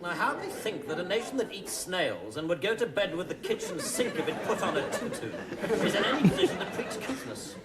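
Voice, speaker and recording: Snobbish English customer, dry, withering, lively pitch, loud audience laughter. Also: male voice, a little fast, over a noisy crowd.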